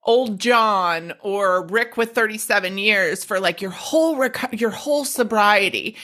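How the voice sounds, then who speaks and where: Bright-voiced blunt woman. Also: mid-range voice, measured pace. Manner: blunt, animated, swears, laughs often. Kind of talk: casual recovery talk.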